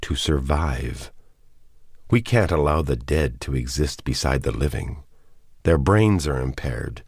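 Man voicing a calm detached woman. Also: extremely low pitch, creaky, husky, no room sound, studio quality, full character voice. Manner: calm, measured, matter-of-fact.

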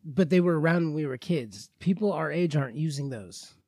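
A man's voice: fairly high pitch, lively intonation, a little fast, darkish tone, husky, no echo, clean studio sound. A man in his thirties co-hosting a casual podcast, teasing his friend and laughing often. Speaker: podcast co-host.

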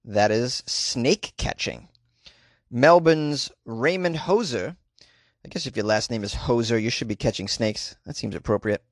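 Reading out the news with joking commentary, this man speaks at a measured pace with lively intonation and a medium pitch, in a dry recording. He's a sarcastic, wisecracking comedic commentator who laughs at his own punchlines.

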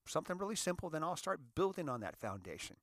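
Fast-talking and fairly high-pitched, a middle-aged man hosts an easygoing self-help radio show while sitting in his parked car. His delivery is animated and jokey, with acted-out voices for quoted dialogue, captured in clean studio sound without echo.

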